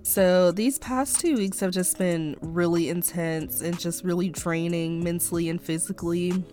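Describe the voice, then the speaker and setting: A woman's voice: on the low side, steady tone, unhurried, warm tone, faint music behind. A young woman hosting her own podcast, rambling casually with lots of fillers while still a bit stuffy-nosed from a cold. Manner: rambling, chatty, many fillers like "um" and "like". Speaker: podcast host. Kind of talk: casual personal podcast monologue.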